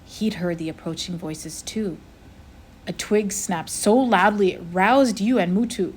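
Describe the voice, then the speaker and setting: A woman, a teacher, reading a chapter of a novel aloud with expressive storytelling. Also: medium pitch, measured pace, a little hiss or hum.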